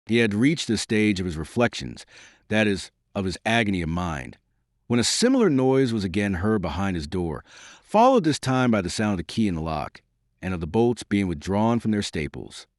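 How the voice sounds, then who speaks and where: In this scripted narration, a man reads from a classic novel as an audiobook narrator, delivering it in a measured, dramatic way. Though low, his voice has lively rises and falls in pitch, recorded close and dry without any room echo.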